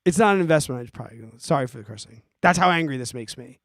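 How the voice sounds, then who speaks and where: A forty-year-old man hosting a podcast, ranting in an animated, exasperated way and giving casual advice to listeners. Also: a little high, quick pace, no echo, studio quality. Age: 40s. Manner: animated, exasperated, emphatic, swears. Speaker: podcast host answering listener questions.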